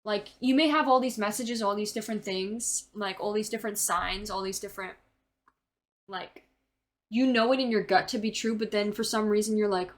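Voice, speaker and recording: A woman's voice: mid-range voice, a little fast. A young woman in her early twenties talks through a tarot reading in a loose, unscripted way. She rambles, leans on fillers and restarts, and drops the occasional swear word as she explains the cards. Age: early 20s. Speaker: tarot reader.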